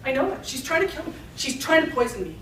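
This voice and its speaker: A woman's voice: high voice, big pitch swings, quick pace, a bit bright, slight background noise. A woman playing a frantic young husband. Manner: frantic, pleading. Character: panicky young husband, sure wife poisons him. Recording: echoey hall, distant mic.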